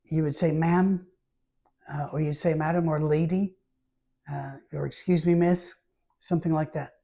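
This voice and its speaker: A pastor reads scripture aloud in a Bible study, then breaks off to comment casually with asides and light humor. His voice is on the high side, gravelly and mellow, with fairly even intonation at a normal speed.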